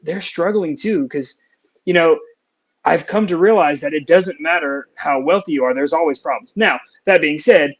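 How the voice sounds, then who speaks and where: A man's voice: on the high side, normal speed, muffled recording. A young adult man, a music teacher, talking earnestly and reflectively in a casual podcast chat, with plenty of fillers.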